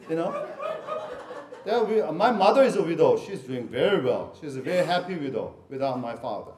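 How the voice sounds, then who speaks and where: A man's voice: a little high, big pitch swings, normal speed, a little mellow. Middle-aged man preaching in an echoey room. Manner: conversational, jokey asides with laughter. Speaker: pastor. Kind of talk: sermon.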